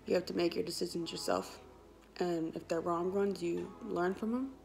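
A woman's voice: on the low side, fairly even intonation, moderate pace, vocal fry, darkish tone, a little hiss or hum. Chatty young woman vlogger. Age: 20s. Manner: chatty, many fillers and quoted dialogue. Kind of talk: casual storytelling vlog.

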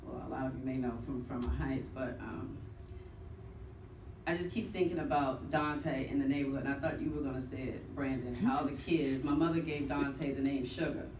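A woman's voice: rumbling low, fairly even intonation, normal speed. Woman's rambling funeral memories, echoing room. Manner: rambling, fond storytelling. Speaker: neighbor and friend giving a funeral remembrance. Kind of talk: personal remembrance at a funeral. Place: large room at a funeral service. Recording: echoey room, voice heard from a distance, clear background noise.

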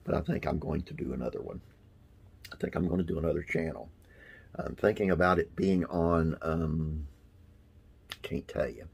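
A man's voice: rumbling low, normal speed, creaky, pauses often, a little mellow, breathy edge. A man hosting a classic TV trivia channel, reading facts aloud and wandering into folksy, rambling asides with religious sign-offs.

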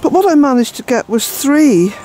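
A woman's voice: high-pitched, sing-song, moderate pace, mellow, soft background music, low-quality recording. An older woman from Ireland, a vlogger chatting outdoors in her garden, out of breath and rambling with fillers. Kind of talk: casual walk-and-talk narration.

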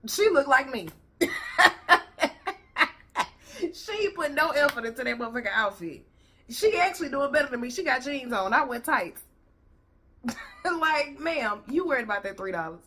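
A woman's voice: high-pitched, sing-song, moderate pace, long pauses, sharp tone, a little hiss or hum. A woman host ranting bluntly and profanely as she reacts to a video.

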